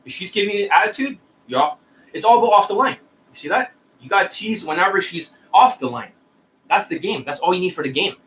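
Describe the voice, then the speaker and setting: A man coaches dating skills in a profane, scornful ranting monologue, insulting his listeners and asking "right?" and "you see that?" again and again. His voice is high, animated, fast and fairly bright, and the rough recording carries slight background noise.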